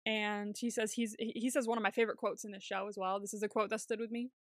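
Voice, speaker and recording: A woman co-hosting a casual TV recap podcast, chatty and quick to swear and laugh. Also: mid-range voice, level tone, dry recording, clean studio sound. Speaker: podcast co-host.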